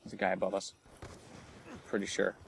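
A young man giving live commentary over his own online shooter match, swinging between quiet muttering and frustrated yelling. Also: low voice, monotone, a little fast, creaky, a little hiss or hum. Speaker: gameplay commentator.

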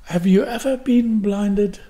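A man's voice: high voice, takes it slowly, dark tone. An older man with a Glaswegian accent, an actor telling a vivid story in an interview, acting out his own cries and asking rhetorical questions. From Scotland. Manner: fillers and restarts, rhetorical questions.

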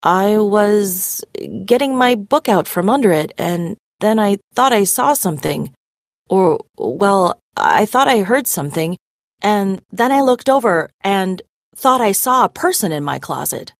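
A woman's voice: mid-range voice, animated, a little slow, no room sound, clean studio sound. A woman voicing a frightened young boy who answers in a faltering, hesitant way. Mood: shaken.

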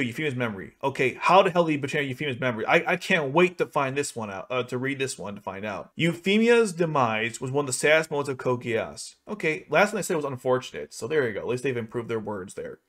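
A young man commenting on an article for his video channel, ranting in an exasperated, sarcastic way with sudden jumps in pitch. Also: fairly bright tone. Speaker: YouTube anime commentator. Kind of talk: reacting to and rebutting an article.

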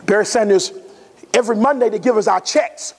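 A man in his forties giving a motivational speech, telling stories in an animated way, acting out scenes and laughing often. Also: high-pitched, brisk, long reverb tail. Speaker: motivational speaker. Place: resort conference room.

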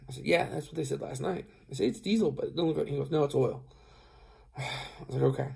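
A man's voice: on the high side, fast, gravelly, warm tone. A tired man who drives trucks telling a rambling story to camera, acting out both sides of the conversation with plenty of fillers. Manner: rambling, retells dialogue, many fillers. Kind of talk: casual storytelling vlog.

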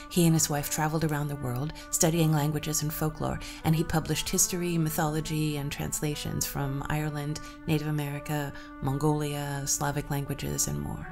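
Woman storyteller, low voice, measured narration, faint music underneath. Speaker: storyteller and podcast host. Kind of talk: folktale reading and commentary.

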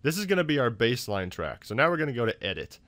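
A man's voice: medium pitch, big pitch swings, fast, a bit bright, dry recording. Easygoing man rambling through a tutorial. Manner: loose, full of fillers and restarts. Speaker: YouTube tutorial maker. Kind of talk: casual software tutorial narration.

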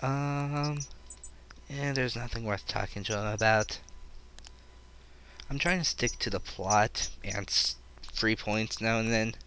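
A man's voice: fairly low pitch, takes it slowly, pauses often, bright, forceful tone, a little hiss or hum. A man giving casual, self-deprecating commentary while playing a game, talking to viewers. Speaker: let's play commentator. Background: game music.

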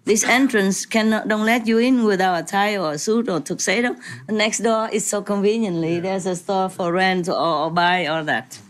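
A woman's voice: mid-range voice, normal speed. A woman, a spiritual teacher, telling jokes and chuckling through loose asides.

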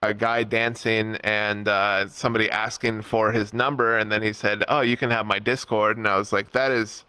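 A young-adult guest chats casually on a podcast with a middle-pitched voice. The talk rambles, full of fillers and bursts of laughter. The sound is close and dry, with no room around it. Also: flat delivery, normal speed, few pauses, pushed and bright, smooth, dry recording. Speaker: guest, VTuber and VR world creator.

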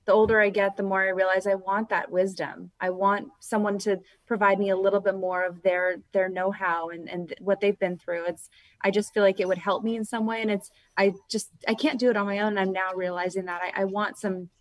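A woman's voice: mid-range voice, little pitch movement, a little fast, no room sound, low-quality recording. A woman talking reflectively and earnestly in casual podcast conversation.

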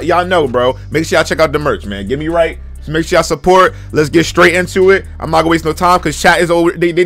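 A man with a high, bright voice reacts to a video on a live stream, hyped and calling out every move. He often bursts into shouts, and music plays clearly behind him. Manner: excitable, shouts running reactions to fights.

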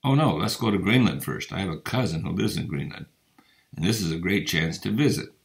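A man voicing an eager seal in a storybook reading, talking in a quick, excited rush. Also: sits low, vocal fry. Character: eager homesick seal pulling a sleigh.

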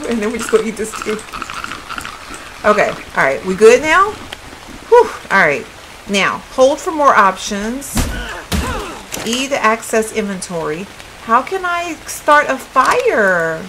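A woman's voice: mid-range voice, background noise. A woman giving casual let's-play commentary, chatty and puzzled, thinking aloud to her viewers. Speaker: gaming video creator.

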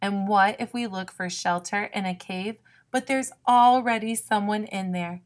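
A woman's voice: medium pitch, unhurried, lightly acted. A woman voicing a nervous raccoon in a picture-book reading, hesitant and prone to dramatic worries. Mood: fretful. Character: nervous worrying raccoon, full of what-ifs.

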